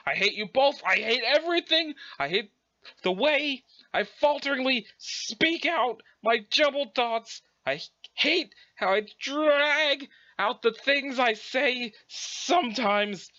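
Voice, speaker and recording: A man's voice: extremely high pitch, very animated, pushed and bright, muffled recording, full character voice. A man voicing a stuttering, self-hating fused ghost creature that falters and drags out its words. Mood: anguished. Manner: faltering, drawn-out, anguished.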